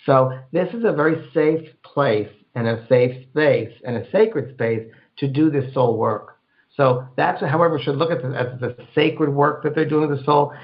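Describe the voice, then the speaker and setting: Rambling spiritual radio host, a man. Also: fairly high pitch. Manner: rambling, repeats words, acts out inner voices. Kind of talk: call-in radio advice. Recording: dull lo-fi radio sound.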